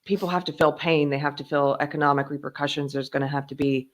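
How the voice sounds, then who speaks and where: A woman's voice: low voice, fairly even intonation, fast. A woman hosting a live show, chatting conversationally and thinking aloud. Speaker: host. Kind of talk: live show chat, reading viewer comments.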